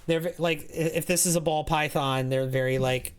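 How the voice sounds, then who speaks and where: A man's voice: fairly high pitch, fairly even intonation, normal speed, slight background noise. A man streaming a game, chatting casually in a rambling way, reading chat aloud and often restarting his sentences.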